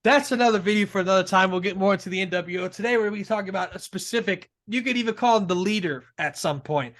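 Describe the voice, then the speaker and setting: An excitable man co-hosts a casual wrestling chat. His voice sits high and sounds bright and forward, and he gushes about the moments he loves and laughs often. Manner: excitable, gushing, quick to laugh. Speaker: co-host.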